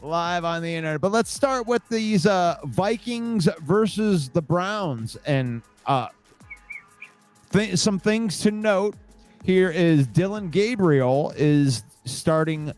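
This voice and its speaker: A man's voice: high-pitched, expressive, slow pace, darkish tone, soft background music. A man hosting a casual sports podcast, rambling and repeating words as he talks. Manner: rambling, repeats words, laughs while talking. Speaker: podcast host.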